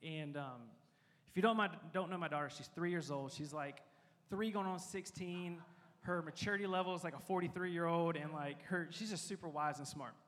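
A man's voice: a little high, moderate pace, fairly bright tone. A young man giving a sermon as a pastor, talking casually and rambling with lots of fillers.

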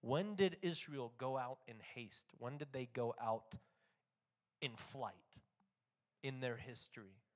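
This man's sermon pairs quiet readings of scripture with relaxed explanation that builds into loud, excited proclamation. He has a medium-pitched voice and speaks slowly.

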